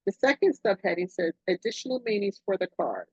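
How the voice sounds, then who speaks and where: An excitable woman reads oracle cards for her podcast, gushing over each message. Her voice is husky and breathy, and it swoops up and down as she goes. The recording is dry and a bit dull. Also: a little fast, dry recording. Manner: effusive, excitable, swoops up and down in pitch. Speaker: podcast host, oracle card reader. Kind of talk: casual spiritual card reading.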